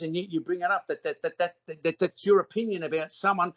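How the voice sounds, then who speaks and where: High, bright, profane man. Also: quick pace, few pauses, lo-fi sound. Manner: profane, combative, repeats questions back. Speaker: call participant. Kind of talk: heated argument on a call.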